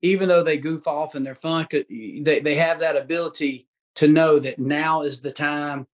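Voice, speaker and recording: Guest guy on a hunting podcast, folksy, slightly high voice, says dude a lot. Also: fairly even intonation, moderate pace. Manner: folksy, gives advice, says dude and bro. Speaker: guest hunter. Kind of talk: casual chat.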